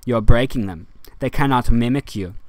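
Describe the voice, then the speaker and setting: A man's voice: mid-range voice, moderate pace, dry recording. Rambling, ranting man, dry close sound. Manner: rambling, ranting, volume swings from loud to quiet. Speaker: vlogger. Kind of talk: rambling monologue to camera.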